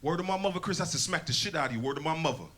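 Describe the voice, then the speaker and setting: A man's voice: on the high side, expressive, very fast, a bit bright. A man voicing a hot-tempered mailman who threatens and repeats a slang catchphrase. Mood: threatening. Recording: audience laughter from comedy club crowd.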